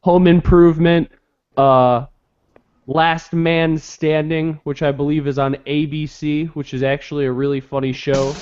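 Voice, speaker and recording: A man's voice: on the high side, little pitch movement, measured pace, a little mellow, smooth. A man hosting a casual online game show, with a slightly raised voice. He teases the players and tallies the points as he goes. The audio is muffled, like a lo-fi web call. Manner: joking, running the scores.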